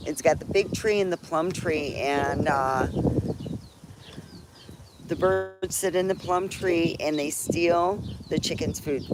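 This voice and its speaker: A woman's voice: sits low, slow pace. A middle-aged woman chatting cheerfully on a live stream, rambling with restarts and frequent laughs. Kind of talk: casual live-stream chat. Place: outdoors in a backyard under a tree. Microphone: phone live stream. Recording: noisy outdoor phone stream. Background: birds and chickens around.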